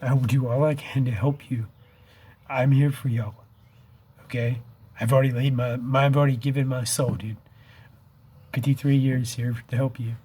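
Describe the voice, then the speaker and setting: A man's voice: mid-range voice, level tone, normal speed, long pauses, dark tone, a little hiss or hum. A man in his fifties speaking urgently and emotionally to his camera, pleading with viewers, his voice close to tears, and he keeps saying "dude" and "man". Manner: emotional and wavering, near tears. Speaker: vlogger. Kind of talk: impassioned direct-to-camera vlog.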